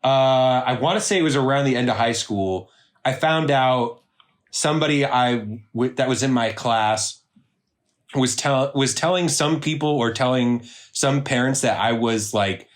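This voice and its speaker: A young man co-hosting a casual podcast, telling a story in an animated, indignant way and swearing freely. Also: mid-range voice, unhurried. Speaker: podcast co-host.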